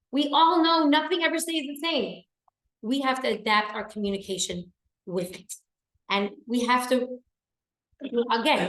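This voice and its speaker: A woman's voice: medium pitch, a bit bright, echoey room, low-quality recording. A woman teaching a class in an earnest, emphatic lecture style, often repeating key words for stress.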